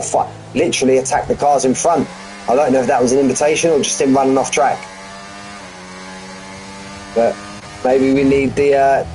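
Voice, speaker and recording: A man's voice: mid-range voice, darkish tone, a little hiss or hum, poor audio. A man giving live race commentary in a chatty, rambling, jokey way. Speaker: sim racing commentator.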